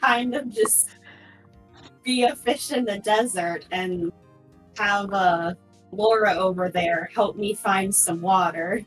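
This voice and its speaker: A woman playing in a casual tabletop game, with a voice of middle pitch. She talks in a thoughtful way and asks questions as she plans. Faint music sits under the talk. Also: slow, rough recording.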